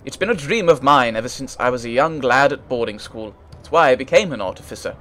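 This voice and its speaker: A man's voice: a little high, very animated, brisk, fairly bright tone. A man putting on a jolly upper-class English inventor. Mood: cheerful. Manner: jolly, blustering, old-chap bluster.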